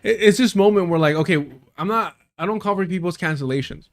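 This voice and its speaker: A man hosts a live stream, reacting to clips in blunt, casual commentary. He talks emphatically, swears freely and repeats his points, in a somewhat high voice. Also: fast. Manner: blunt, profane, emphatic, repetitive.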